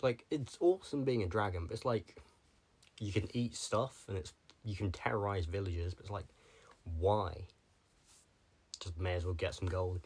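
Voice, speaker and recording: A man's voice: low-pitched, moderate pace, pauses often, darkish tone, husky. A young man talking casually to the camera, rambling from one tangent to the next with lots of filler words. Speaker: vlogger.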